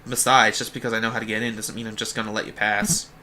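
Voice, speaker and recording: A man's voice: fairly low pitch, flat delivery, quick pace, sharp tone, slight background noise. A man doing a sneering crow guard with a Boston twang. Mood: greedy. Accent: vaguely Bostonian put-on. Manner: gruff, sneering, rough slang. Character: greedy mouthy crow jail guard, middle-aged man.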